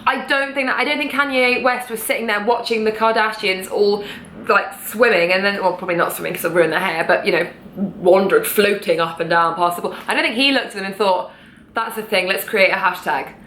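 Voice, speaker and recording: A woman's voice: mid-range voice, brisk, a bit bright, slight background noise. Passionate, swearing woman vlogger. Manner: chatty, passionate, swears casually. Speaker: vlogger and author. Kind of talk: casual talk to camera. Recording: echoey room.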